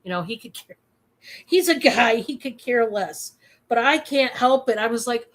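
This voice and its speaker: A woman hosting a casual live-stream sale, chatty and excitable, with many fillers. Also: high voice, moderate pace.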